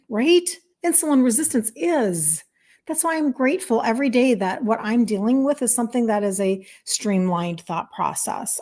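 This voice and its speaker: A woman's voice: mid-range voice, warm tone. A woman in her fifties from Minnesota, a health coach chatting casually on a livestream, reading viewer comments aloud in an earnest, apologetic way. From Minnesota, USA. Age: 50s. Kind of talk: casual live-stream chat.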